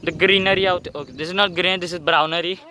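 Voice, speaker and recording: A young man with an Indian English accent, vlogging outdoors while riding a bicycle through flooded streets, excitable and swearing a lot. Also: high voice, quick pace, a little hiss or hum. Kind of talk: casual vlog commentary.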